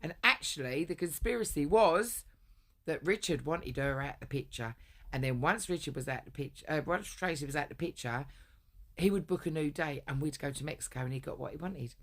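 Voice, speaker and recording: A vlogger with a deep voice talks briskly through a long personal story. Her casual storytelling rant is rambling and blunt, and she swears often.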